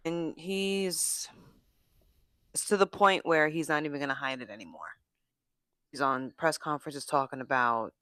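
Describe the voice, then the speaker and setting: A blunt, foul-mouthed sports podcast co-host with a bright, forceful voice. The sound is close and dry, with no room around it. The talk is loose and opinionated, and it slips into mock quotes of the players. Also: medium pitch, normal speed, long pauses, clear, resonant tone, no room sound. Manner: blunt and profane, acts out players' imagined thoughts. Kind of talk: casual sports chat.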